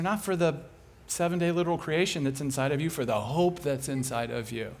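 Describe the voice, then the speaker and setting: A male preacher with a somewhat high voice tells a personal story from the pulpit. His delivery is animated and chatty, with frequent chuckles between sermon points. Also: moderate pace.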